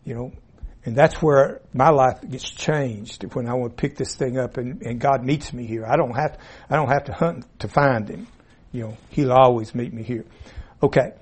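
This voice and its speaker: A man's voice: mid-range voice, moderate pace, darkish tone, slightly rough. A man teaching an informal Bible class in a classroom, folksy and rambling with asides and restarts. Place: classroom with a board. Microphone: room mic, at times turned away.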